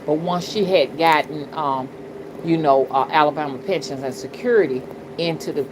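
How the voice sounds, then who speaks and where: A middle-aged woman with a low-sitting voice speaks at normal speed on a casual livestream she hosts as a spiritual reader. Greeting chat, she lays out her views bluntly and with profanity, repeatedly asking "you understand?" There's noticeable background noise.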